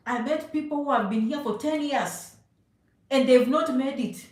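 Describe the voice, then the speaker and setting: A woman's voice: high voice, moderate pace. A woman from Zambia giving an emphatic, preachy motivational talk to live viewers, often asking "okay?". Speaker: immigration advice streamer. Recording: echoey room, voice a bit far from mic.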